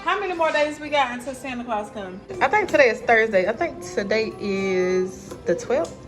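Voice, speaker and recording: A woman's voice: fairly high pitch, animated, normal speed, over music. A young woman, chatting casually to viewers as a cooking vlogger. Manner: chatty, addresses viewers as y'all. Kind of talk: casual vlog chat.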